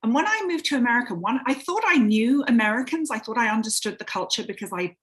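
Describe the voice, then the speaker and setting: A woman's voice: a little high, animated, quick pace, a bit bright. A middle-aged woman from England with an English accent, chatting as an author guest on an interview show. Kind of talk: casual interview chat.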